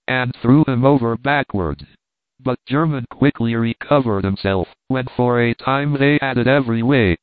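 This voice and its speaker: A man's voice: medium pitch, no room sound. Male audiobook narrator on a tinny line. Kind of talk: scripted narration. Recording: tinny phone-like dry sound.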